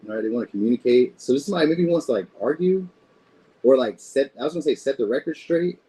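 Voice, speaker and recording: A man talks through a tarot reading in a relaxed, rambling way, cursing freely. His voice is warm and dark in tone, with a husky edge. The pitch sits in a middle range. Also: fast talker, rough recording. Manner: loose, rambling, swears freely. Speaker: tarot reader.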